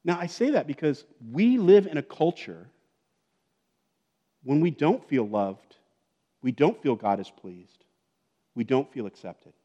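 Chatty pastor with a higher male voice, reverberant hall. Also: very animated, measured pace, pauses often, mellow, dull audio. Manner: chatty, joking asides, keeps checking in with "okay?" and "right?". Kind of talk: conversational sermon. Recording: long reverb of a large hall.

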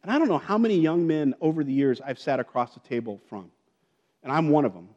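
A man's voice: a little high, lively intonation, fast talker, darkish tone, dull audio. A man preaching a conversational sermon as a pastor, with joking asides and frequent check-ins like "okay?" and "right?". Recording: long reverb of a large hall.

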